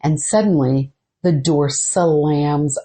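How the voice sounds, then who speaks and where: A woman's voice: low voice, takes it slowly. A woman hosting a podcast, casually telling a ghost story and acting out the quoted dialogue. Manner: animated, acts out quoted dialogue. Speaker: podcast host.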